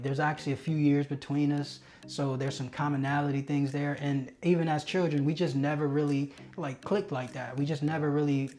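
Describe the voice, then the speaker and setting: A man recounting a personal experience in candid storytelling, earnest and self-deprecating, sometimes halting and restarting as he recalls tense moments. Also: a little high, a little mellow. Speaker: testimony speaker.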